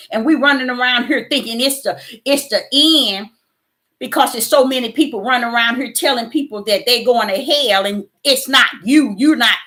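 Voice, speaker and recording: A woman's voice: a little high, pushed and bright. A middle-aged woman giving a fervent spiritual testimony to her viewers, preachy and repeating her words. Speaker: YouTuber.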